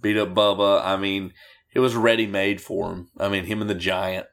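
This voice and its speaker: Male co-host, casual profane wrestling talk, animated. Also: low-pitched, moderate pace. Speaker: podcast co-host. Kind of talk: casual chat watching wrestling.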